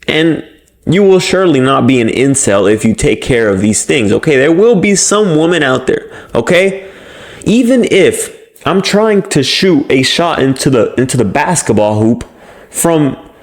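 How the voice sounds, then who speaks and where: A man's voice: fairly high pitch, a little mellow. A young man giving blunt, casual motivational advice as a self-improvement host, swearing freely and coaching his viewers. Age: young adult.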